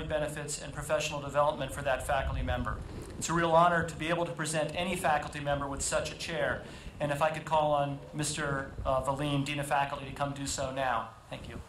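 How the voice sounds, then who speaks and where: A man, the head of school, introducing speakers at an outdoor ceremony in a steady manner with many hesitations. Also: a little high, slight background noise. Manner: steady, with frequent "uh" fillers. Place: outdoor quad. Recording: echoey outdoor PA, faint ambience.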